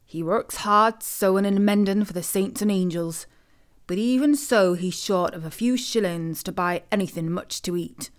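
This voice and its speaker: A woman's voice: mid-range voice, moderate pace, natural voice. Woman voicing Jack, a sly old soldier. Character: cunning old male soldier, sly trickster.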